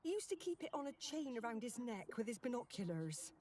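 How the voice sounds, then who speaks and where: A woman's voice: a little high, very animated, brisk, dark tone. A woman voicing a flustered middle-aged mother in a game, fretful and scattered as she hunts for a lost key. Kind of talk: game voice acting.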